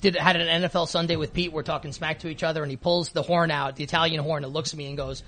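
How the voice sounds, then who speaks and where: A man's voice: on the high side, flat delivery, fast talker, a bit bright, slight background noise. A man co-hosting a casual sports chat, teasing the others and telling chatty stories.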